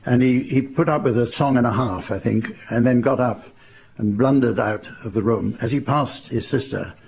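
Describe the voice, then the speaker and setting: Gravelly older man telling dry anecdotes. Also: medium pitch, darkish tone. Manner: dry, unhurried, wry understatement. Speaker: raconteur. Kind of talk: anecdotal storytelling to a live audience.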